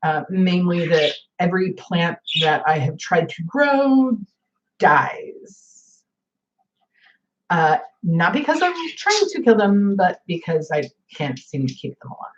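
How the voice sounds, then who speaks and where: A woman's voice: fairly low pitch, very animated, unhurried, hardly any pauses, muffled recording, slight background noise. A woman in her forties chatting casually in a home vlog, rambling with lots of fillers. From northern United States. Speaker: vlogger. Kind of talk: casual chat.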